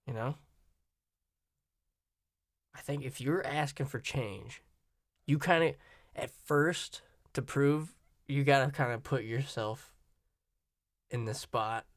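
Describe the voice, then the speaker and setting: A man's voice: mid-range voice, dry recording, studio quality. A man from Virginia and Florida talking in a casual, rambling, opinionated monologue and often cutting himself off. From Virginia and Florida, USA. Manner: opinionated, rambling, self-interrupting.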